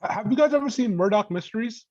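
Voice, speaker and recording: A man player chatting excitedly about a game, stammering a little. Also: high voice, fast talker, dull audio. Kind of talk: casual game prep chat.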